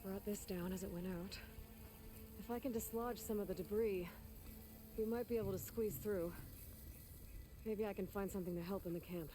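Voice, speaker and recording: A young adult woman voicing a young woman hunter in a video game, thinking aloud in a low-key, practical way. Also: fairly even intonation, moderate pace, pauses often, dark tone, natural voice. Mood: determined.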